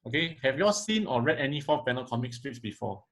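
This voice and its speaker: A man, a teacher explaining comics to a class in a friendly, halting way. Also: mid-range voice, big pitch swings, a bit bright, poor audio. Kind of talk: classroom instruction.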